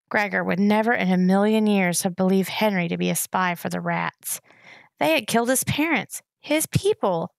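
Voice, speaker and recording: A woman reading a novel aloud in steady narration. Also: mid-range voice, normal speed, vocal fry, no echo, clean studio sound. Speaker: reader.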